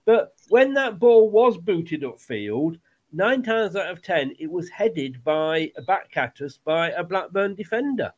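A man hosting a casual football podcast, chatty and quick to laugh. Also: high-pitched, sing-song, dull audio. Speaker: podcast host.

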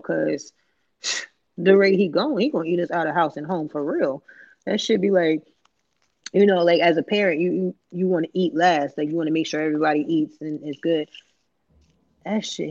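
Gravelly, slangy parent telling stories. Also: medium pitch, dry recording, lo-fi sound. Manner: animated, laughing, slangy, acts out family dialogue. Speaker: podcast host. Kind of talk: casual storytelling chat.

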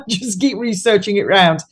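A woman's voice: mid-range voice, animated, unhurried, breathy edge. A woman talking on a podcast as a guest, chatty and mocking, laughing often as she tells stories. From United Kingdom. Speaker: guest nutritionist. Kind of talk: casual podcast chat.

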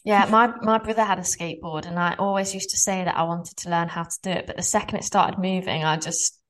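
A woman's voice: on the low side, steady tone, a little fast. A woman co-hosting a podcast who asks prompting questions and laughs a lot. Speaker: podcast co-host. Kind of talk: casual chat.

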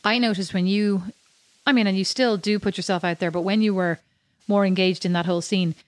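Podcast co-host: woman, quick animated chatter, dry close sound. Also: mid-range voice, no echo. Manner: chatty, animated, many restarts. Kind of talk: casual chat.

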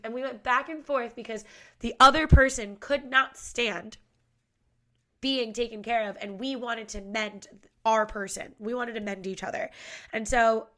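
A woman's voice: on the high side, pushed and bright. A young woman hosting a podcast in casual chat, congested from a head cold, bubbly and gushing with lots of "like". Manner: bubbly, gushing, heavy use of "like". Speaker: podcast host.

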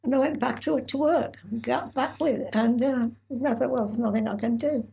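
An older woman recalls her past in an interview, speaking haltingly with frequent restarts and pauses. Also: fairly high pitch, vocal fry, warm tone. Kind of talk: oral history recollection.

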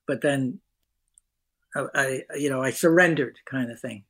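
A man speaking as a guest actor in a candid podcast conversation, halting and earnest, often repeating his words. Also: mid-range voice, fairly bright tone, slightly rough.

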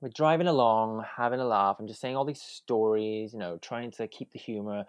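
A man's voice: on the low side, normal speed, clear, resonant tone, no echo. A young man, a podcast guest, telling a story animatedly and acting out the quotes with drama. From Wales. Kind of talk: casual storytelling.

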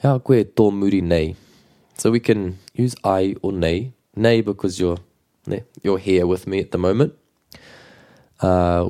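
New Zealand man, deep voice, mellow tone, patient teacher, repeats phrases slowly. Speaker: te reo Māori teacher. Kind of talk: relaxed language lesson.

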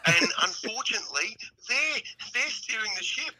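Bright-voiced Australian man spinning yarns. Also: high-pitched, animated, normal speed, low-quality recording. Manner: laughing yarn-spinner, broad slang. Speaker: podcast guest. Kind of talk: casual storytelling chat.

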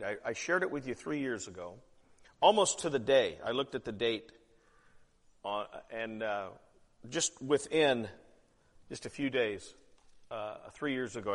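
A man's voice: medium pitch, a bit bright. A man preaching a sermon as pastor, candid and conversational, with emphatic asides. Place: church hall. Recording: church hall with long reverb.

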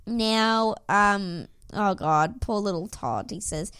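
A woman's voice: mid-range voice, slow pace, few pauses, clean tone, no echo, studio quality. A woman co-hosting a casual podcast, recapping a reality dating show with frequent laughter and swearing. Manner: animated, laughs often, swears freely. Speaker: podcast co-host.

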